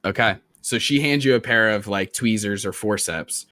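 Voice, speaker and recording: A man's voice: fairly low pitch, normal speed, sharp tone, no room sound. A young man narrating a tabletop game as dungeon master, loose and casual. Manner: loose, casual, many fillers.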